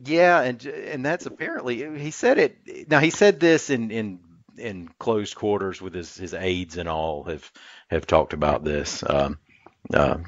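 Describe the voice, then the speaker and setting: A man's voice: fairly low pitch, lively intonation, a little slow, dry recording, highs cut off. A man co-hosting a casual chat, joking and rambling with frequent chuckles. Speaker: co-host.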